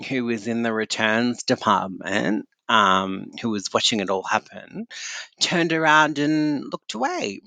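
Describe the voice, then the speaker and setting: A man's voice: medium pitch, animated, a little slow, creaky, sharp tone, no room sound. A man as a podcast guest, talking bluntly and candidly about work and the holidays. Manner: candid and blunt, swears freely. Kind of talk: casual conversation.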